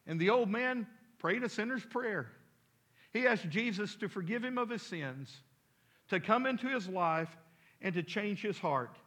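Man, pastor, sermon storytelling, high voice, animated. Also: moderate pace. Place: church.

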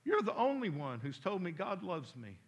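Man doing a loud, high old drunkard, pleading, white-whiskered, bright and forceful. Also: expressive, measured pace, exaggerated voice. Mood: grateful. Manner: pleading, raised voice.

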